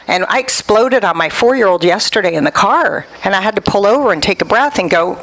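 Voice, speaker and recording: A woman's voice: a little fast, low-quality recording. A middle-aged woman, a talk show guest, sharing personal stories candidly and acting out quotes in a raised voice. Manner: animated storytelling, acts out quotes in a higher voice. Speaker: guest, workshop leader.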